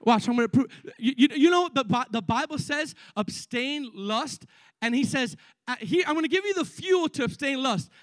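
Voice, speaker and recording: An excitable young male preacher with a very high voice, delivering an energetic sermon full of stammered repeats and asides to the crowd. The sound is dry and close, with no room echo. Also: moderate pace. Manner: excitable, repeats words, frequent asides to the congregation.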